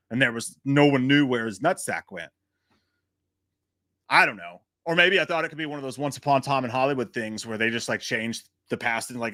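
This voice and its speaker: A man hosting a live chat about a movie, animated and profane, joking at his own expense. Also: medium pitch, fairly quick, dry recording, clean studio sound. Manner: animated, profane, self-mocking jokes. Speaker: livestream host.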